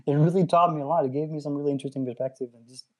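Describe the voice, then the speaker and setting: A man's voice: on the high side, fairly even intonation, fast, darkish tone, rough recording. A man from Denmark with a Danish accent, chatting casually and telling a rambling story, laughing often and swearing now and then. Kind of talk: casual chat.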